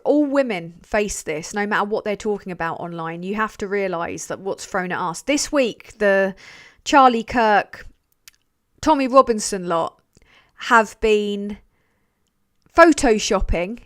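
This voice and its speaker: A woman hosting a livestream. She chats casually, swears and jokes at her own expense while reading donations. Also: medium pitch. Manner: chatty, sweary, self-deprecating. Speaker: livestream host.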